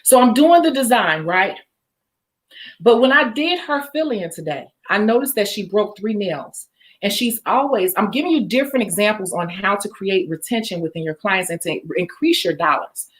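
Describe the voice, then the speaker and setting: A woman's voice: mid-range voice, lively intonation, moderate pace. A woman teaching nail techs in a casual, chatty coaching tone, acting out a salon appointment with a client. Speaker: nail tech educator. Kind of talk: instructional chat with role-play demo.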